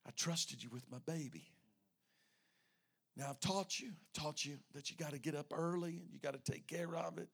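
A male pastor preaching an evening sermon, moving from hushed, intimate lines to shouted peaks. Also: fairly high pitch, moderate pace, gravelly, husky.

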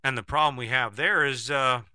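A man's voice: mid-range voice, fairly even intonation, moderate pace, pushed and bright, dry recording, clean studio sound. A man giving a persuasive commentary monologue, firing skeptical rhetorical questions with emphasis. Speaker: speaker giving a monologue to camera.

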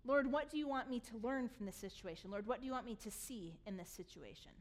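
A woman pastor giving a sermon, reading scripture aloud and retelling it in an animated storytelling way, laughing along. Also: a little high, fast.

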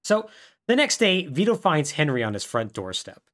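A podcast co-host, a man with a slightly high voice, gives a casual recap of a story's plot. His retelling is animated, and he acts out what the characters say using quick voices.

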